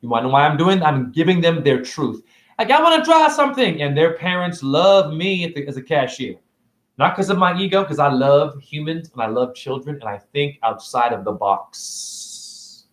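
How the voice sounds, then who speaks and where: A man giving a rambling, confrontational livestream monologue. He fires off rhetorical questions, and his pitch swings widely. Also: normal speed, reverberant. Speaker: spiritual vlogger and store cashier.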